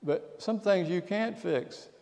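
A pastor delivering a sermon, telling stories and dropping to a hush at the key lines. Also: male voice, sits high, slow, gravelly. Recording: long church reverb.

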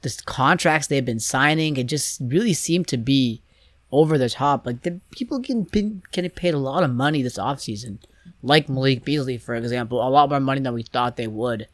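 A man's voice: mid-range voice, a little fast, dry recording. A young man co-hosting a podcast, talking casually about basketball in a rambling, hesitant way with many restarts. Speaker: podcast co-host. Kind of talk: casual sports chat.

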